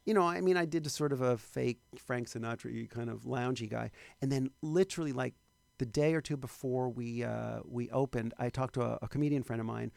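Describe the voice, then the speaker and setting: A middle-aged actor from Long Island, telling lively self-deprecating anecdotes in a casual interview. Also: male voice, mid-range voice, brisk, vocal fry, no room sound. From New York, Long Island. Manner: animated, self-deprecating, acts out voices in anecdotes. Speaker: actor guest.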